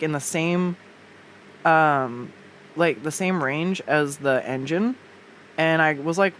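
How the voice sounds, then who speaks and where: A woman's voice: low voice, a little hiss or hum. A woman art streamer chatting casually while she draws, rambling with lots of fillers, restarts and the odd swear, recorded on a desktop USB mic at home. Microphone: desktop USB condenser mic.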